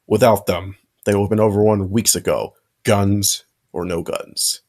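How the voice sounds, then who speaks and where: A man's voice: fairly low pitch, steady tone, normal speed, darkish tone. A man narrating a fanfic aloud with friends, in a casual reading with occasional slips.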